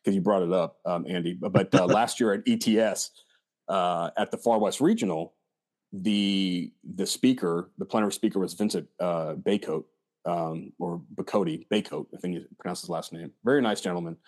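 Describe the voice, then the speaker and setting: A man's voice: low voice, a little fast, darkish tone. A man talking as an author in a casual discussion, hesitant and full of fillers and restarts. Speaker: author and scholar.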